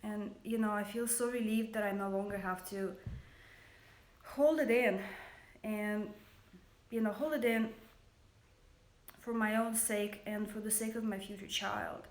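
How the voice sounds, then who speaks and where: A woman with a Russian accent hosting a casual livestream from her home kitchen, talking softly and earnestly into a phone camera. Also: medium pitch, little pitch movement, measured pace, long pauses, roomy sound. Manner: soft-spoken, earnest and chatty. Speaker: livestream host.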